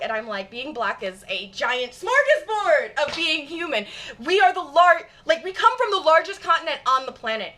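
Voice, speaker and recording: A woman with a general Michigan accent talks straight to her viewers in a casual chat. Her voice sits a bit high and rings bright and forceful. She is blunt and emphatic and swears freely. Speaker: streamer.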